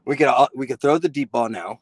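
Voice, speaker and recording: A man calling in to a sports show, talking in an earnest, excitable way and repeating himself for emphasis. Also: mid-range voice, fast talker, slightly rough, dry recording, rough recording. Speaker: caller, football fan. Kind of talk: call-in conversation.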